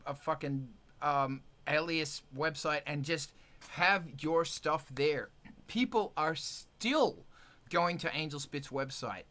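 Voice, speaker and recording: Brief: male livestream host, loose and animated, bright high-ish voice, casual swearing. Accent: Australian. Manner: animated, swearing, rambling with restarts.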